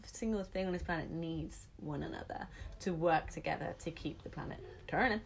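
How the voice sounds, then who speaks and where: A woman's voice: deep voice, moderate pace, vocal fry, slight background noise. A young woman from England talking animatedly as a podcast guest, laughing often and swearing casually. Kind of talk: casual chat.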